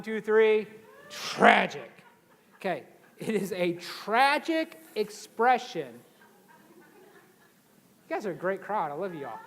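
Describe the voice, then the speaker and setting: A male speaker with a notably high voice delivers a motivational seminar to a live audience. He is energetic and chatty, jumping between stories and calls for the crowd to repeat after him.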